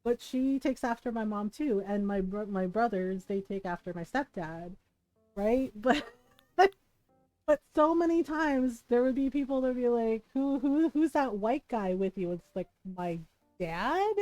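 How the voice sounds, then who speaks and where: A woman with a high voice chats casually on stream while she plays a game. She tells stories in an animated way, laughs often and keeps asking "right?". Her voice sounds close and dry, with faint music underneath. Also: a little slow, no echo, poor audio. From United States. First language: bilingual in Tagalog. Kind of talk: casual chat while gaming.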